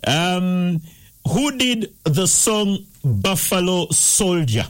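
A man hosts a morning radio call-in quiz from the studio. His slightly high voice swoops up and down as he teases and coaxes callers, sometimes slipping into Luganda. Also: extremely slow. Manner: lively, teasing, switches into Luganda. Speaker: radio breakfast show host. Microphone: studio microphone.

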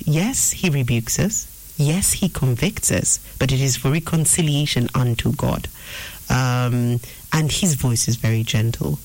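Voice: mid-range voice, lively intonation, normal speed, a little mellow, poor audio. A preacher teaching an informal sermon, earnest and repeating phrases for emphasis. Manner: acts out inner voices in quotes. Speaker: preacher answering a viewer question.

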